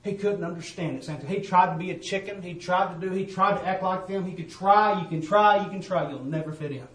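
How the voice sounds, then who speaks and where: A man preaching a testimony sermon and calling out to the congregation, switching between loud bursts and hushed asides. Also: high-pitched, a little fast, reverberant, far from the mic, poor audio.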